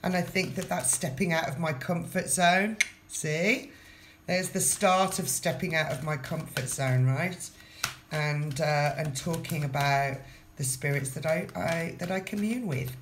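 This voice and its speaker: Speaking a little slowly in a low voice, with a bit of hiss or hum in the recording, a tarot reader chats casually through a reading. She talks right to the viewer and keeps repeating phrases.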